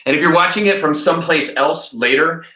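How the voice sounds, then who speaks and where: A man teaching a live-streamed read-aloud lesson, chatty and energetic as he talks to the viewers in the chat. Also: on the high side, a little fast, reverberant. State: a little out of breath.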